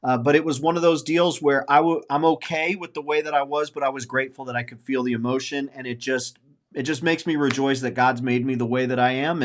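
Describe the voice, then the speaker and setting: There's a little hiss or hum under this man's fairly high voice. In his forties, he hosts a casual podcast and rambles earnestly about his feelings, repeating phrases and circling back.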